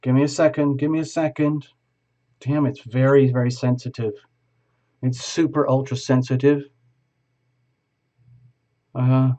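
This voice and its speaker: A man's voice: mid-range voice, level tone, measured pace, long pauses, warm tone, dull audio. A man as a tarot reader, improvising a live reading and talking a viewer through each step.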